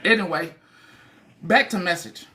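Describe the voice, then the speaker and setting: Profane, taunting livestream ranter with bright voice. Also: medium pitch, a little slow, a little hiss or hum. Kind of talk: ranting livestream monologue.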